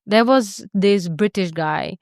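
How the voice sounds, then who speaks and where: A woman's voice: mid-range voice, slow pace, darkish tone, dry recording, studio quality. A woman co-hosting a podcast in casual chat, candid and profane, with lots of filler words. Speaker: podcast co-host.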